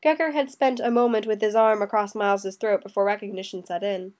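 A woman narrating a story as an audiobook reader. Her delivery is steady and even. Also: mid-range voice, brisk, hardly any pauses. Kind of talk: scripted narration.

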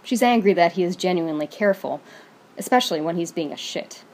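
A woman's voice: lowish voice, animated, fast talker, a little mellow. Woman reading fan fiction aloud.

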